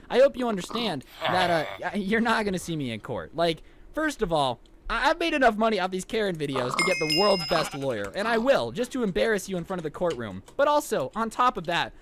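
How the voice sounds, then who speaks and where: A man in his twenties telling a story in an animated, sarcastic and mocking way. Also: high voice. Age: 20s. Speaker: YouTuber telling a story over gameplay. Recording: loud background noise.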